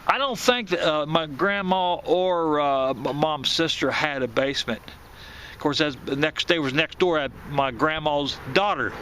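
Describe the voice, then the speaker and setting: Recalling a storm from his childhood, a man in his fifties from southwest Ohio, who hosts a channel, tells the memory casually, often restarting and repeating words. He speaks a little slowly in a fairly high, bright, forceful voice, with a little hiss or hum.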